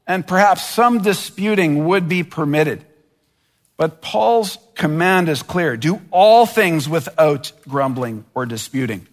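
A pastor preaches slowly and animatedly in a noticeably high voice, lingering over each phrase. Earnest throughout, he sometimes gives voice to imagined complaints with rising intensity, and a long reverb makes it sound like a large hall.

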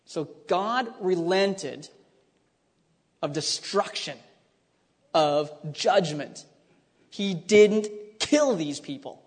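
A man preaching a sermon, animated and dramatic, acting out the lines he reads. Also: high voice, drawn-out words, pauses often. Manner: animated, acts out scripture voices, many restarts. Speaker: pastor. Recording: long hall reverb.

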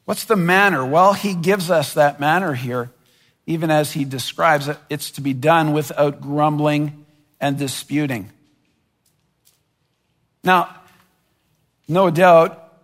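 A man preaching a sermon in an earnest, deliberate way, sometimes voicing imagined complaints with rising intensity. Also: on the high side, fairly bright tone, big-room sound. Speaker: pastor.

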